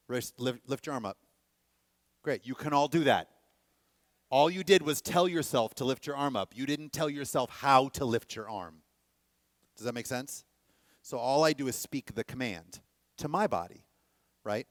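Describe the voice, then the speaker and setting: Guy running a dance workshop, animated, keeps asking if it makes sense, dry close sound. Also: medium pitch, moderate pace, no room sound. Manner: animated, checks in with the class often. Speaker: dance instructor. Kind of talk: teaching a workshop. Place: dance studio with a class.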